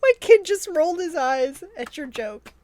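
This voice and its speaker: Teasing, high-voiced woman co-host. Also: expressive, normal speed, a little mellow, slight background noise. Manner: teasing, laughing, coaxing. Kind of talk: casual chat over wine.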